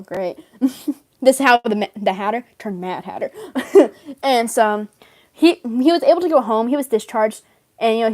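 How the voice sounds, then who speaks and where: Woman, high-ish voice, rambling in-character storyteller, loads of "like", quick to laugh. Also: darkish tone. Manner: rambling, fills talk with "like", laughs often. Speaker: fan role-player in character.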